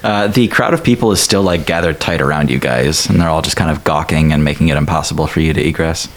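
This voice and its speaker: A man's voice: a bass voice, quick pace, slight background noise. A man narrating as game master in a tabletop role-playing game, rambling with many fillers. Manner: rambling, many ums and likes.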